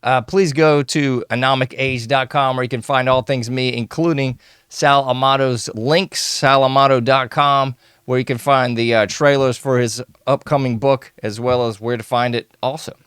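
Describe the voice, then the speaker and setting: Brief: relaxed male host, smooth tone, dry booth sound. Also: mid-range voice, normal speed, no room sound. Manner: easygoing, loose, says "man" often. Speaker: podcast host. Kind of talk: casual interview chat.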